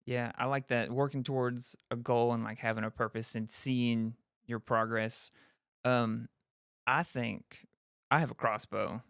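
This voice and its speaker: Smooth-voiced man hosting a podcast. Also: mid-range voice, unhurried, no room sound, studio quality. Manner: relaxed, brief questions and short affirmations. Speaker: podcast host. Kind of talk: casual interview.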